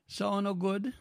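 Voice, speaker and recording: Older Jamaican man, radio host, slow and gravelly, dry close studio mic, rambling patois-tinged chat. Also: high voice, dry recording. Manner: rambling, folksy, mixes patois into talk.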